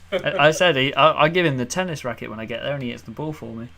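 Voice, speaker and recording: A man's voice: medium pitch, fast talker, vocal fry, sharp tone. A young man co-hosting a podcast, bantering casually and laughing at his own jokes. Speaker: podcast co-host. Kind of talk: casual chat.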